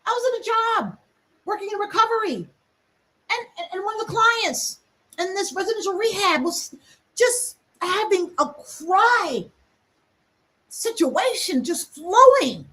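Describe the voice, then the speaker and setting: A woman hosting a reflective teaching talk, speaking emphatically and acting out quick asides. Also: very high voice, animated, sharp tone. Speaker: host.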